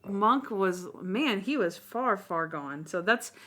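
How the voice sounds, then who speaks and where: A woman's voice: medium pitch, expressive, takes it slowly, a bit bright. A woman co-hosting a podcast in casual chat, rambling through recaps of scenes and quoting lines as she goes. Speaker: podcast co-host.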